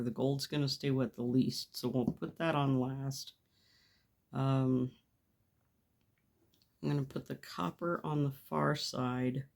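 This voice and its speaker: Chatty self-deprecating woman with a gravelly voice. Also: very deep voice, a little mellow. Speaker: mixed media artist. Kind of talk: casual crafting commentary. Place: home craft studio.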